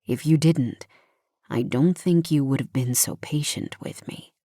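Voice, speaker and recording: A soft-spoken young lover in an audiobook, hushed and close, often dropping to a whisper. The voice sits very low and deep for its reader, and the recording is dry and close-miked, with no room around it, as a woman reads him. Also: a little slow, dry recording. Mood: tender. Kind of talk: audiobook character voice.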